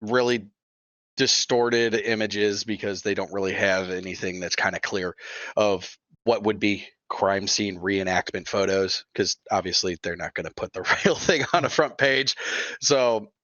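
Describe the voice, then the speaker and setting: A man's voice: fairly low pitch, measured pace, a bit bright, no echo, dull audio. A man running a tabletop game as game master, rambling loosely and swearing as he narrates.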